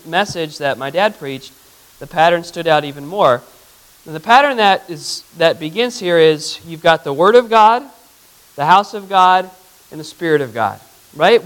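A man, a pastor, giving an interactive Bible teaching in a conversational way, asking the congregation questions and reading Scripture aloud slowly. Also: high voice, fairly bright tone, poor audio.

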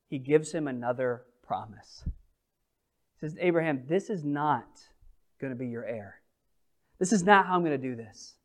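A man preaching a sermon, moving between loud proclamation and quiet, intimate storytelling, reading scripture slowly. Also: a little high, big pitch swings. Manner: dynamic preaching, swings from loud proclamation to hushed intimate delivery; reads scripture slowly and deliberately. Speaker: pastor.

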